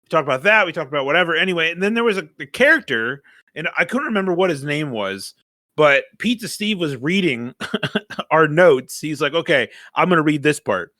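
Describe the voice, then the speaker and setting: Animated laughing man, bright voice. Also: on the high side, brisk, no room sound, clean studio sound. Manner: animated storyteller, swears freely, laughs often. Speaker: podcast co-host. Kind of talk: casual chat.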